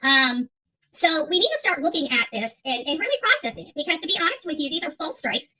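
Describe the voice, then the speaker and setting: A woman's voice: high-pitched, sing-song, a little fast, pushed and bright, rough recording. A woman hosting her own channel, talking straight to viewers in a heated, defiant monologue, with many fillers and repeated words. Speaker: YouTube channel host.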